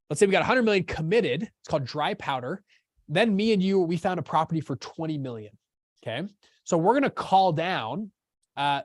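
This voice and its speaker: A man's voice: fairly high pitch, dry recording, studio quality. A man hosting a live teaching session, casual and upbeat, often checking that listeners follow along. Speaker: course host.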